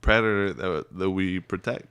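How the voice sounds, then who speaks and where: A man's voice: sits low, normal speed, fairly bright tone, smooth. A young man co-hosting a casual podcast chat, laid-back and laughing often, calling people bro. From Texas. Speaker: podcast co-host.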